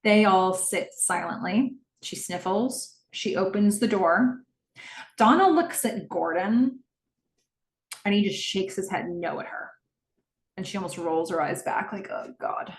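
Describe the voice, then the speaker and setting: A woman podcast host recaps a drama episode moment by moment, describing each move in the present tense. Her voice sits in a middle pitch, and the room around her rings with noticeable echo. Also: unhurried, slight background noise. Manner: narrates scenes in present tense, acting out quoted lines.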